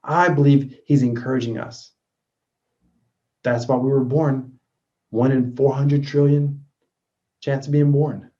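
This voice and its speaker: Earnest male storyteller, dark mellow tone. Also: medium pitch, steady tone, a little slow, pauses often. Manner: earnest, shifting between loud and hushed. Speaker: motivational speaker. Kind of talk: storytelling talk. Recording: dull lo-fi recording.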